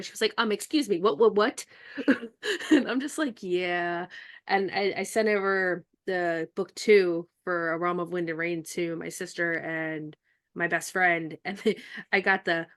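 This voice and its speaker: A woman author in a casual podcast conversation, bubbly and laughing often, with halting restarts. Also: fairly low pitch, fairly bright tone.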